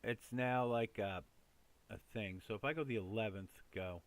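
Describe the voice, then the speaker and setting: A man's voice: fairly low pitch, moderate pace. A man hosting a casual news commentary show, talking in a loose, rambling way with lots of fillers and repeats.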